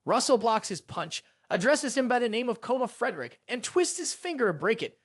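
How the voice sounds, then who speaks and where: Narrator with a lively, swinging pitch. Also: a little fast, husky, no echo, clean studio sound. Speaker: recap narrator. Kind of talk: scripted story recap narration.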